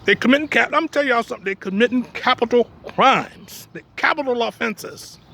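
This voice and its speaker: A man's voice: very high voice, a little fast, vocal fry, bright, forceful tone. A man preaching in a blunt, emphatic way. He keeps asking "you understand me?" and drops streetwise jokes between points. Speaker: religious teacher. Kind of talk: preaching talk.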